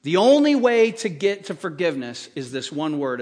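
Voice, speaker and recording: A male pastor preaching a sermon in an animated, conversational way, often asking the congregation rhetorical questions. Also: on the high side, normal speed.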